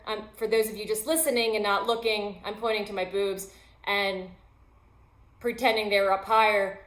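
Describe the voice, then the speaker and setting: A woman's voice: mid-range voice, fairly even intonation, moderate pace, fairly bright tone. Upbeat chatty woman in an echoey room. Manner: upbeat, chatty, self-deprecating humor. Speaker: host and yoga teacher. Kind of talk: motivational self-help talk.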